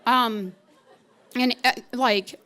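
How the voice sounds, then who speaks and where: Lively woman storyteller with a high voice. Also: drawn-out words. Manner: lively, wry, often laughing mid-sentence. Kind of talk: live stage storytelling. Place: stage at a live story slam.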